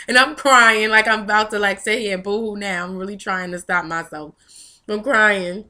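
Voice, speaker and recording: A woman's voice: mid-range voice, steady tone, moderate pace, pushed and bright. A young woman vlogger telling a personal story candidly and emotionally, with frequent fillers. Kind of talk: personal testimony vlog.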